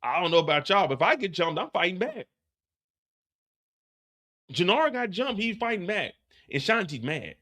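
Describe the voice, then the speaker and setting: A man hosting a live TV after show, recapping an episode in animated, casual talk with stammered restarts and swearing. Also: high-pitched, moderate pace, long pauses.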